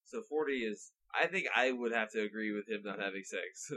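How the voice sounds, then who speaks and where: A man's voice: on the low side, fairly quick, sharp tone. A man co-hosting a casual comedy podcast, rambling and joking with lots of "like". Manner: rambling, jokey, full of "like". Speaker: podcast co-host.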